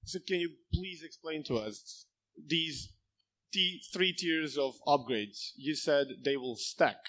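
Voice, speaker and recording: Man moderating a Q&A, very slow, deliberate questions. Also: fairly high pitch, fairly bright tone.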